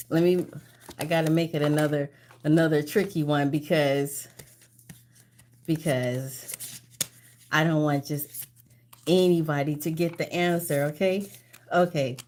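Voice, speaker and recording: A woman hosts a trivia game on a casual live stream, speaking slowly with an unhurried pace. She is out of breath and laughs between lines. She drifts off her phone mic now and then. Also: low voice, fairly even intonation, darkish tone, slight background noise. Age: older. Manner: chatty, laughing, reads out questions slowly. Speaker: livestream trivia host.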